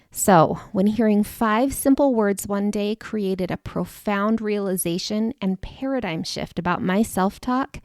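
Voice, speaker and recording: A woman's voice: mid-range voice, a little mellow, no echo, studio quality. A woman in her forties telling a personal story as podcast host, earnest and confiding, speaking directly to the listener. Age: 40s.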